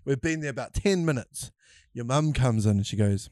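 A man's voice: mid-range voice, normal speed, dry recording, studio quality. A man telling childhood stories to his cousin in casual chat, acting out the quotes as he goes. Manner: animated storyteller, laughing, acting out quotes.

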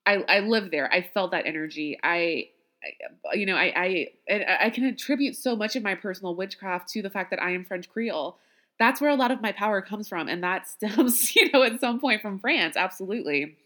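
A woman's voice: mid-range voice, expressive, a little fast, fairly bright tone. A woman hosting a podcast in casual chat, talking freely with self-deprecating asides and frequent laughs. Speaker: podcast host.

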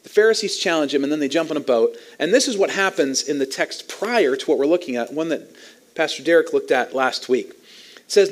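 A man preaching to his congregation in a lively, animated way. His voice sits a little higher than most men's. He teaches with easy chuckles along the way. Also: brisk. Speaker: pastor. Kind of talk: sermon.

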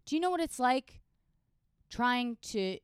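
A young woman co-hosting a podcast in casual comedic chat, telling stories in a wry, deadpan way. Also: a little high, unhurried, clean tone, no echo, studio quality. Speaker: podcast co-host.

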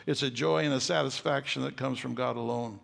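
An older man preaching a sermon as pastor, folksy and joking, building to loud emphatic stretches. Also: medium pitch, steady tone, a little fast, gravelly. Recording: long hall reverb.

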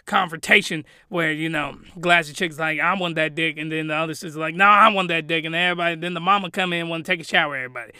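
Rambling bright-voiced young man recapping. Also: on the high side, smooth, no echo, clean studio sound. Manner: rambling, animated, laughing often. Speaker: youtuber. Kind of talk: comedic reaction recap.

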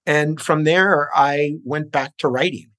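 Genial middle-aged screenwriter, dry sound. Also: male voice, on the high side, a little slow, a bit bright, dry recording. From New York, raised in New Jersey. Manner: genial, self-deprecating, with frequent uh fillers. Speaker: guest screenwriter. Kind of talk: casual interview.

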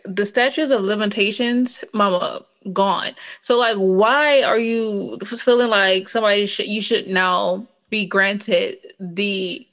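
A woman's voice: medium pitch, a bit bright. A woman co-hosting a casual chat show, giving frank, opinionated commentary.

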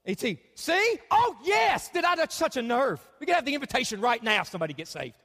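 A man in his thirties preaching a sermon to a church congregation, animated and joking with the crowd between scripture readings. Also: very high-pitched. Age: 30s. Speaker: pastor. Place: church sanctuary. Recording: long hall reverb.

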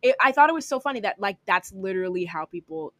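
A woman's voice: mid-range voice, lively intonation, fast talker, pushed and bright. A young woman hosting her own podcast, talking casually and upbeat, with lots of "like" fillers. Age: young adult. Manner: chatty and upbeat, with frequent "like" fillers. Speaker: podcast host. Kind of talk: casual solo podcast talk.

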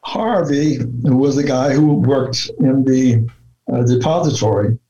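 Slow, muffled man with a dark tone. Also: mid-range voice. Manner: deliberate, with many fillers and restarts. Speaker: researcher guest. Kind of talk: conversational interview talk. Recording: dull lo-fi sound.

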